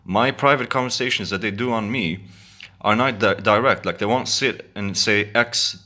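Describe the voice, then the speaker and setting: A man's voice: fairly low pitch, normal speed, pushed and bright. A man talking earnestly to his viewers in a casual monologue, often restarting his words. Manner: earnest, repetitive, stumbling restarts. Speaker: video blogger.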